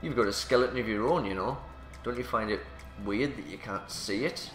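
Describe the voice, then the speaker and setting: A man's voice: lowish voice, fairly quick, fairly bright tone, reverberant, soft background music. Playful man commentating a game. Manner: playful, jokey, swears, does silly voices. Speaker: let's play host.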